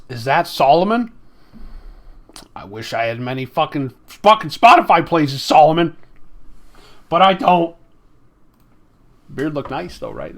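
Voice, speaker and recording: A man's voice: mid-range voice, slight background noise. A man hosting his album release live stream, chatting casually with viewers, rambling and swearing freely into a close desktop mic.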